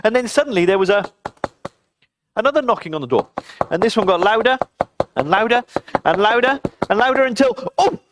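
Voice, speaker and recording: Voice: medium pitch, a little fast, long pauses, background noise. A children's club storyteller telling a Bible story and speaking directly to the kids. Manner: animated, addresses children directly.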